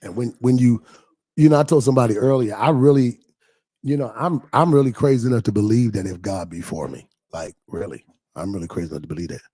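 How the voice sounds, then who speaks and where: Speaking fast in a fairly low, husky voice, a pastor hosts a casual livestream where he reads out viewer comments and answers them. His energy swings from lively moments to near whispers.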